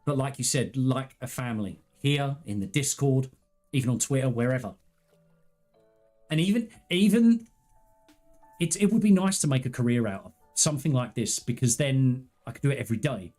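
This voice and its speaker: A man with a mid-pitched voice talks casually to his live-stream audience. He is candid and earnest, rambling through personal stories with restarts and asides. Faint music plays behind him. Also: moderate pace, darkish tone. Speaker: gaming streamer.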